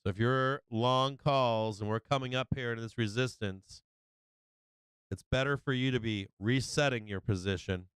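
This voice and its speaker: A man giving casual live trading commentary, excitable and profane, often repeating himself. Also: medium pitch, moderate pace, smooth, dry recording, low-quality recording. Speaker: livestream market commentator.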